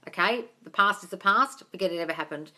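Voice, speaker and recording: A woman's voice: medium pitch, quick pace, pushed and bright. A woman hosting a casual live-stream Q&A as a manifesting coach, answering questions bluntly, swearing freely and calling listeners darling.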